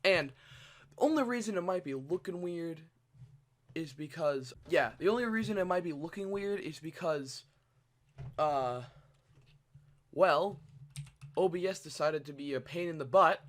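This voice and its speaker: A man giving casual let's-play commentary, excitable and rambling, breaking into restarts and shouts. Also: fairly high pitch, normal speed, pauses often. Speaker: gameplay channel host.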